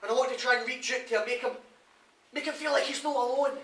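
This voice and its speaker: An actor playing a frustrated prison officer, speaking emphatically to the audience. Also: male voice, very high-pitched, steady tone, fast talker, sharp tone, full character voice. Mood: insistent. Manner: emphatic, insistent, addressing an audience. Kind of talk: theatre monologue. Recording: live stage, roomy, from far off.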